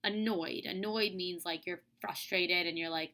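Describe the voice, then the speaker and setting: Young woman teacher, chatty read-aloud lesson, bright clear voice. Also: lowish voice, steady tone, measured pace. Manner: casual, chatty, lots of "like" and "um". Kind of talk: reading aloud and explaining a lesson.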